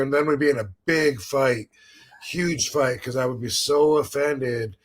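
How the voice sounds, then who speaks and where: A man's voice: mid-range voice, fairly even intonation, normal speed. A man hosting a podcast, telling a rambling story full of restarts and acted-out quotes. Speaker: podcast host. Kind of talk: casual chat.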